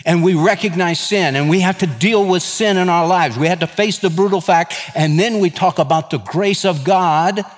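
A man's voice: high voice, moderate pace, hardly any pauses. A man preaching a sermon as pastor, with a conversational delivery that mixes joking asides with earnest exhortation. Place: church sanctuary. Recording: long reverb of a large hall.

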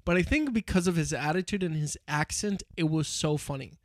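A young man talking in a casual chat, his voice sitting a touch high for a man. He rambles through his stories with plenty of fillers and restarts. The recording is dry and close. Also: brisk, no room sound.

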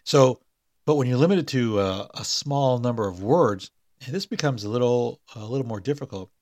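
A man's voice: medium pitch, expressive, normal speed, darkish tone, dry recording, studio quality. A man hosting a podcast, chatting hesitantly with many fillers and reading a spooky short story aloud. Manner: hesitant, full of fillers and restarts in chat.

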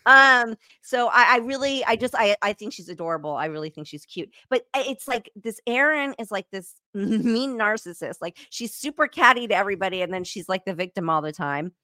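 Bright-voiced woman chatting animatedly. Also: medium pitch, fairly quick, hardly any pauses, no room sound. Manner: animated, laughs often, breaks off mid-sentence. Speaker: podcast host. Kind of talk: casual chat.

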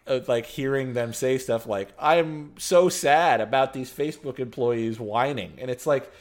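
A man in casual podcast chat, talking animatedly with lots of fillers, swearing and laughs. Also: on the high side. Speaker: podcast co-host.

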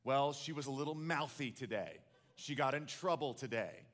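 A man's voice: mid-range voice, lively intonation, moderate pace, fairly bright tone, in a large hall, close to an everyday voice. A man voicing a schoolteacher who speaks in a plain, matter-of-fact way.

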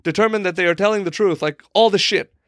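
A young man spins a comic anecdote in a loose, rambling way, filling it with "like" and little acted-out voices for the people he met. His voice sits a touch high for a man. The sound is dry and close. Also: quick pace, a bit bright, no room sound. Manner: rambling, lots of "like", acts out quoted people. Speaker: podcast co-host. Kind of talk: casual comedic storytelling.

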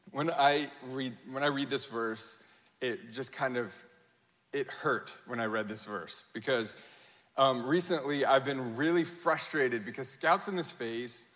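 Man in his thirties, pastor, animated storytelling sermon, bright forceful voice, long hall echo. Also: mid-range voice. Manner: animated storytelling, acts out quotes, laughs at himself.

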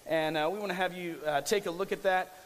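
A man's voice: high voice, fairly even intonation, fast talker, big-room sound. A young man preaching a casual, conversational sermon as pastor, with restarts and jokey asides.

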